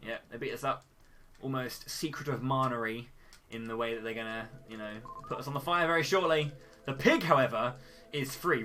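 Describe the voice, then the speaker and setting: Brief: male speedrunner, bright forceful tone, jokey and theatrical delivery. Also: medium pitch, fairly quick, a little hiss or hum. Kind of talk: live speedrun commentary.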